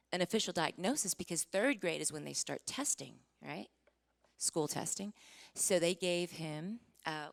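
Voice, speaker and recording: A woman in her forties giving a sermon testimony, telling her story with strong feeling, acting out what was said, rising to near-shouting and dropping to whispers. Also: low voice, creaky. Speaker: Christian singer giving a testimony. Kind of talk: sermon testimony to a live audience.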